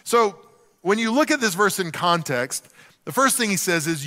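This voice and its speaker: A middle-aged man preaching a sermon to a church, telling humorous, animated stories with acted-out asides. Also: high voice, moderate pace, long reverb tail. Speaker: pastor.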